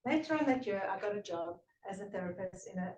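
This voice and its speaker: A woman from South Africa with a South African accent, slightly British-tinged, giving a prepared speech at a speaking club, earnest with emphatic pauses. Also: medium pitch, expressive, darkish tone, a little hiss or hum. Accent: South African English with a slight British tinge. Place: meeting room. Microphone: room recording from a distance. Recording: echoey room from far off.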